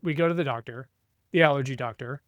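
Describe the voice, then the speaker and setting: A man's voice: mid-range voice, fast talker, no echo. A middle-aged man, co-hosting a podcast in casual chat, ranting with plenty of swearing and acting out his family's lines. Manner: ranting, profane, acts out family members' voices. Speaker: podcast co-host.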